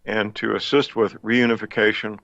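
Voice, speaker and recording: A man hosting a radio talk show in a folksy, deliberate way, with frequent pauses and fillers. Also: fairly low pitch, little pitch movement, vocal fry, fairly bright tone, no echo. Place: home studio in the Missouri Ozarks. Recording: dull lo-fi dry studio sound.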